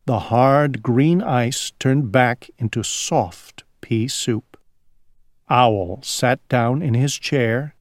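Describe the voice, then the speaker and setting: A man reading a children's picture book aloud in a slow, expressive storytelling manner. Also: medium pitch, no room sound, clean studio sound. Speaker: storybook reader.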